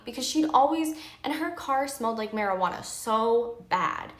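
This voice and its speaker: A woman's voice: on the high side, animated, moderate pace, few pauses, roomy sound. A woman in her thirties, a pharmacy technician about to become a nurse, venting emphatically in a candid vlog storytime full of fillers. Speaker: pharmacy technician and nursing student.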